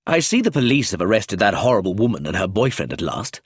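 A man's voice: lowish voice, big pitch swings, fast talker, husky, no echo, studio quality. A man reading aloud, voicing a grieving grown son who talks bluntly and angrily. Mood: bitter. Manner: blunt and angry.

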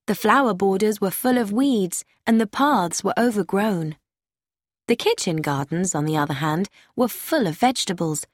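A woman narrating an audiobook in a clear, careful, unhurried reading style. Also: fairly low pitch, no room sound, clean studio sound. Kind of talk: scripted narration of a simplified novel.

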